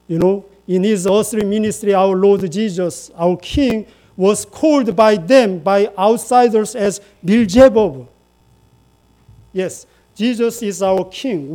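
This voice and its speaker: Slow, deep-toned preacher. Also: male voice, dark tone. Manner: repeats phrases, asks the congregation to say lines together. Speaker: pastor. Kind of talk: sermon.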